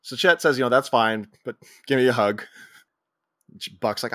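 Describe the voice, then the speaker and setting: A man co-hosting a podcast, recapping a comedy scene by scene and acting out characters' lines in quick put-on voices. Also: mid-range voice, a bit bright, no echo, clean studio sound. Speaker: podcast co-host. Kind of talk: casual movie recap chat.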